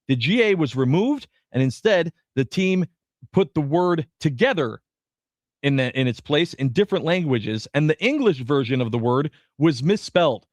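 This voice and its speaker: A man co-hosting a sports radio show in casual talk, animated and given to quick restarts as he reads quotes aloud. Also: mid-range voice, no echo.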